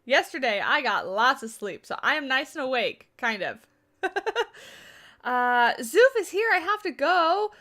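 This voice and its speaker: A woman hosts a game livestream, building in the game while chatting casually with viewers, answering their questions, and laughing often. Her voice sits high and sounds bright and forceful, very animated yet unhurried.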